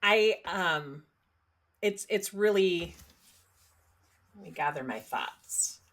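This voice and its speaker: A woman co-hosting a podcast in casual book chat, talking in halting bursts with restarts and fillers. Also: on the low side, animated, fairly bright tone. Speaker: podcast co-host.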